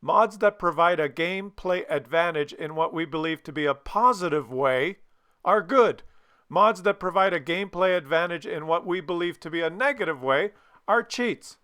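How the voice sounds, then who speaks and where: Speaking at a normal pace in a slightly high, fairly bright voice, a man comments casually on a game he's playing. He's fed up and ranting, and fillers crop up often.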